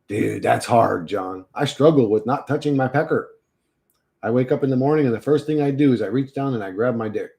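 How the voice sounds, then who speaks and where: A man's voice: medium pitch, a little mellow. A man streaming casual chat with viewers, talking in a crude, profane way and laughing often.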